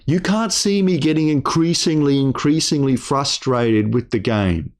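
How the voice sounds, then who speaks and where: A man's voice: medium pitch, unhurried, few pauses. A young man hosting a gaming channel, delivering an angry personal rant full of swearing, stammered restarts and repeated words.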